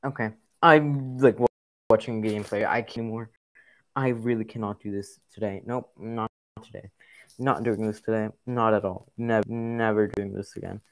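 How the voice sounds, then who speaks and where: A young man giving frustrated gameplay commentary, muttering to himself and breaking into loud exasperated outbursts. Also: on the low side, fairly even intonation, moderate pace. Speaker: gaming video creator.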